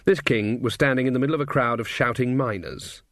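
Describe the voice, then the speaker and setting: Guy narrating an audiobook, mid pitch, measured, very dry close sound. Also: no echo. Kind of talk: scripted narration.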